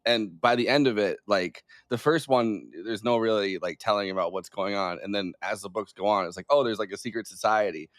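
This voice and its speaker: A man on a podcast with a somewhat low voice, recorded close and dry with no room sound. He rambles through jokey guesses, filling his sentences with "like" and "you know.". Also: a little fast, few pauses, dry recording. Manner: rambling, heavy use of "like", jokey speculation. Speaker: podcast guest. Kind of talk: casual film discussion.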